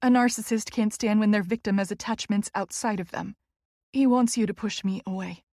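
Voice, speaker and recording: A woman's voice: mid-range voice, steady tone, a little fast, darkish tone, no echo, studio quality. A woman narrating a first-person romance audiobook in an earnest, emotional way.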